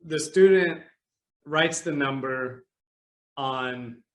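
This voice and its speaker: A man's voice: medium pitch, drawn-out words, a bit bright. Young male host, casual interviewer, brief reactions, mid-range voice. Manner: brief reactions and follow-up questions. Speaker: podcast host.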